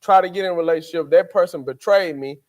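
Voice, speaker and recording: Animated man. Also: a little high, fast. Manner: animated, acts out quotes in character voices. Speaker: podcast co-host. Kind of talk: casual faith talk.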